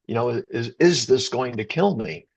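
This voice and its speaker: A man's voice: medium pitch, animated, moderate pace, vocal fry, a little mellow, husky. A middle-aged man from the Chicago area, a rock singer, telling an emotional story in an interview, stumbling and restarting and getting choked up. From Chicago area, USA.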